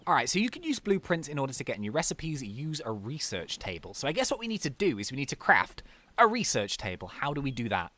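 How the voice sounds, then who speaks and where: A man's voice: medium pitch, fast talker. Guy narrating his gameplay, voice jumps all over, laughs and yelps a lot. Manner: excitable, laughs and exclaims often. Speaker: gaming video host. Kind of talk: casual let's-play commentary.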